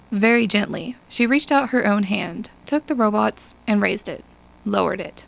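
A woman reading an audiobook in a measured, even storytelling manner. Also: mid-range voice, vocal fry, rough recording. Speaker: audiobook narrator. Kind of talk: scripted narration.

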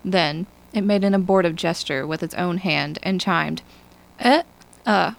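A woman reading an audiobook in a measured, even storytelling manner. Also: fairly low pitch, gravelly, low-quality recording. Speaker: audiobook narrator. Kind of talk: scripted narration.

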